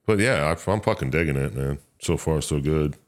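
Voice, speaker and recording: A man with an extremely low, deep voice chats on a gaming podcast. He is laid-back, swears casually and laughs a lot between stories. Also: a little fast. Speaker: podcast co-host. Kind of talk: casual chat.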